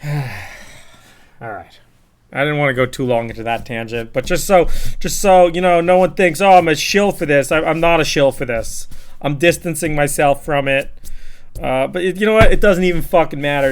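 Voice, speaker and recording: A man's voice: fairly high pitch, clean tone. A man, ranting bluntly and profanely during a livestream, often rambling and repeating words. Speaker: streamer.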